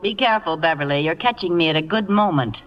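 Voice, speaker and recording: A brisk, sensible young secretary speaks in a dry, no-nonsense way, played by a woman. Her pitch moves a lot. It comes through a muffled vintage radio broadcast with a long echo. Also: expressive, natural voice. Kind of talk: 1940s radio acting.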